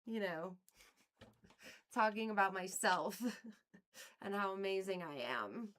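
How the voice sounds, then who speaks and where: A woman hosting a casual livestream speaks slowly in a medium-pitched, fairly bright voice. She's playful and theatrical with her chat, laughing often between lines, feigning outrage, and dropping into sudden whispers.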